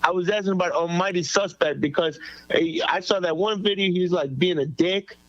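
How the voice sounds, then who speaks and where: Guy calling in, kinda high voice, drawls stuff, dull dry line. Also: fairly quick. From Chicago. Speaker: caller. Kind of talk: casual chat. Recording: dull dry call audio.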